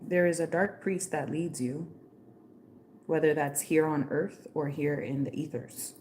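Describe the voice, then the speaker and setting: A woman with a lowish voice doing a live tarot reading for her viewers. She talks in a loose, slangy, playful way, full of "like" and "okay". A faint hiss of noise sits behind her. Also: fairly even intonation, unhurried, a little mellow. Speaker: tarot reader.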